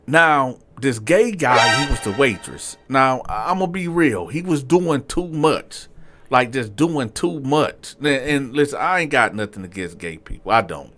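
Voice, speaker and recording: A man telling a story to his viewers in a casual, animated and profane way, with frequent asides to the audience. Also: mid-range voice, measured pace, faint music behind. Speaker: storyteller, channel host.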